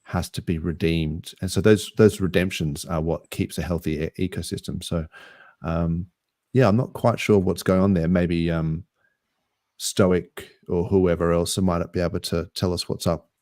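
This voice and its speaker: A man with an Australian accent co-hosting a casual podcast chat, relaxed and rambling with easy laughs. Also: sits low, measured pace, dry recording, clean studio sound. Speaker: podcast co-host.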